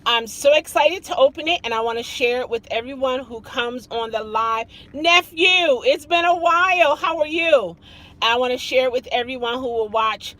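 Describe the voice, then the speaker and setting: A middle-aged woman chatting casually on a live stream, greeting viewers by name as she tells her story. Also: normal speed. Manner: expressive, jumps high when emphasizing.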